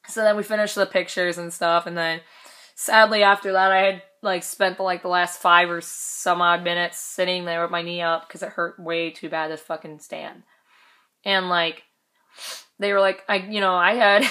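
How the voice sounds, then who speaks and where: A woman's voice: on the low side, pushed and bright. A young woman casually telling a story in a vlog, chatty and laughing, swearing now and then. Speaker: vlogger.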